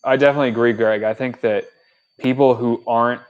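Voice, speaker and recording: A man's voice: medium pitch, fairly even intonation, fast talker, clear, resonant tone, highs cut off. A young man co-hosting a casual livestream chat, easygoing and chatty with fillers. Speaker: podcast co-host.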